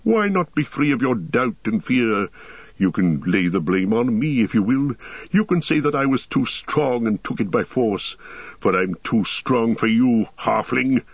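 A man's voice: mid-range voice, animated, a little slow, slightly rough, no room sound. A man voicing a proud, volatile tall warrior who speaks in an impassioned, declamatory way. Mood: urging. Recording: dull, dry audiobook recording.

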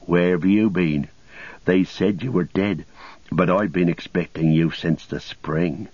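A man voicing a sharp-tongued young female hobbit who speaks in a tart, teasing way. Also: deep voice, fairly even intonation, a little slow, husky, no room sound. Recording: dull lo-fi recording.

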